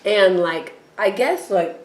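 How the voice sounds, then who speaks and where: A woman's voice: medium pitch, slow, roomy sound. A woman co-hosting a podcast, casually recapping a TV episode and acting out the characters' lines in put-on voices. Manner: animated, acts out characters' lines in quoted voices. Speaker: podcast co-host.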